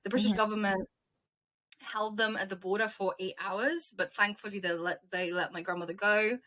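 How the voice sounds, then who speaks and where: A woman from Ukraine, a guest in an interview, telling a personal story in a candid, animated way with quick restarts and wry laughs. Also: mid-range voice. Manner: candid and animated, restarts phrases and laughs wryly between lines.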